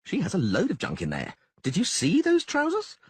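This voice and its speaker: A man's voice: sits high, huge pitch swings, normal speed, slightly rough, no room sound, voice pushed up, full character voice. A man voicing a vain, flamboyant young bard with a theatrical manner in an audiobook. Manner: theatrical, exclaiming. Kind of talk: audiobook character voice.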